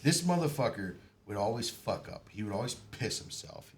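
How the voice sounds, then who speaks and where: A man's voice: lowish voice, big pitch swings, moderate pace, noisy background. A man, a former Marine, telling raunchy boot camp stories on a podcast, swearing freely, laughing often and acting out the voices in his quotes. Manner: profane, laughing, acts out quotes. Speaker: podcast guest. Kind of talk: casual storytelling.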